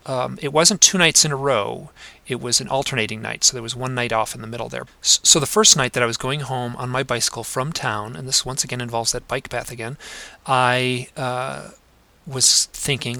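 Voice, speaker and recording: A man guesting on a podcast, telling personal stories in an earnest, reflective way, pausing often with fillers. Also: medium pitch, fairly even intonation, vocal fry, pushed and bright. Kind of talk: conversational storytelling. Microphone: home desk microphone.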